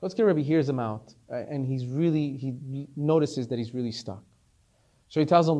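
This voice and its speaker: A rabbi teaching a class, a man telling a story in an animated way and acting out each character, repeating words as he gets excited. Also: mid-range voice, moderate pace, lo-fi sound. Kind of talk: storytelling Torah lesson.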